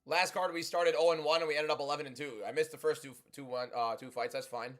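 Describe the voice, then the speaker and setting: A young man hosting a livestream, talking loudly and chatting casually as he reads and answers viewer comments. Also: a little high, fairly even intonation, fast. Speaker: livestream host.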